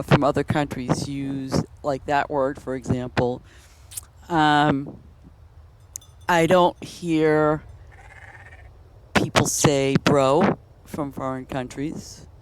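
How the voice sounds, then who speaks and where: A woman's voice: sits low, fairly even intonation, slow pace, long pauses, background noise. A woman chatting casually while she streams a game, rambling from story to story and laughing often. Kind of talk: casual chat while playing. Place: home, in Boston.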